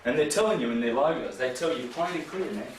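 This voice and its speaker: Man, emphatic rambling lecturer, slightly high voice, distant echoey room recording. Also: lively intonation, quick pace. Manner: emphatic, rambling, rhetorical questions. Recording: echoey room from far off, faint noise.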